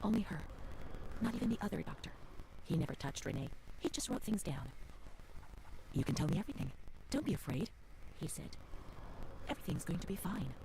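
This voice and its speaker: A woman voicing a haunted game narrator who reads old asylum records in a hushed voice that often drops to a whisper. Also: on the low side, very animated, a little fast, long pauses. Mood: hushed uneasy. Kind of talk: scripted narration. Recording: game audio with noisy ambience.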